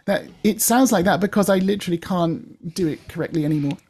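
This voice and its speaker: A woman's voice: lowish voice, brisk, a little mellow, husky. A woman, working as a voice coach, explaining in a chatty way and demonstrating sounds.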